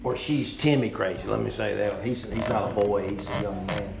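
Middle-aged man, pastor, sermon that rises loud then falls hushed, echoey room. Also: fairly low pitch, normal speed, gravelly, hardly any pauses, noisy background. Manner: swings between loud, rising preaching and quiet, joking asides.

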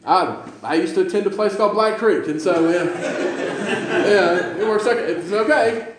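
A man's voice: high voice, normal speed, noisy background. A male pastor with a Western New York accent, preaching a sermon in a jokey storytelling way with stammering restarts. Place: church sanctuary. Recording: echoey church room.

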